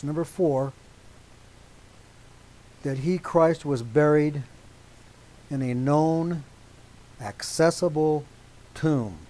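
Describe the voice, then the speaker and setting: A man preaching a teaching sermon to a congregation, deliberate and emphatic, stopping often to check that his listeners agree. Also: a little high, mellow, low-quality recording.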